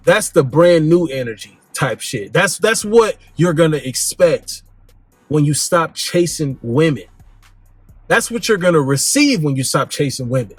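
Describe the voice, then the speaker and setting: Slangy dude giving dating advice, kinda husky voice, bit high, dry close mic, faint music in back. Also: male voice, no room sound. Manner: blunt, slangy, emphatic, swings pitch up and down for emphasis. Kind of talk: casual direct-to-camera monologue.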